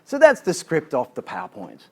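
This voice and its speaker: A man giving an animated, chatty training seminar as a sales trainer. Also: on the high side, fairly quick, vocal fry, breathy edge. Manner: animated, chatty, laughs at his own jokes.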